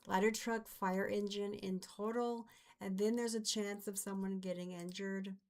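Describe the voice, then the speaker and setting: A woman streamer with a light Southern American accent chats casually on a live stream while working on a game map, thinking aloud and trailing off mid-sentence. Her voice is medium-pitched, steady, a little slow, and darkish in tone.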